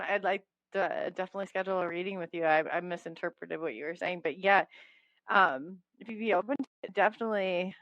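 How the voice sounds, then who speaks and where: An enthusiastic woman hosts a casual radio interview, halting with fillers and restarts. The sound is dry with no room to it. The audio is dull and lo-fi. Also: mid-range voice, a bit bright, dry recording. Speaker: host.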